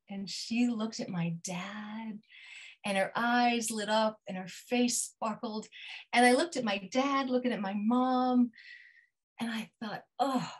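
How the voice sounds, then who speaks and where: A middle-aged woman telling a personal story over a video call, acting out dialogue with big jumps in pitch and sinking to a hush at tender moments. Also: fairly even intonation, takes it slowly, low-quality recording. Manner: drops to a hushed near-whisper at tender moments. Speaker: featured storyteller.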